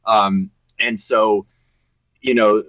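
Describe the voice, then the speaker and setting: A man's voice: on the low side, level tone, very slow, fairly bright tone, dry recording, poor audio. A man in his thirties, a guest voice actor chatting earnestly on a podcast and laughing easily. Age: 30s. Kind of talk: casual podcast chat.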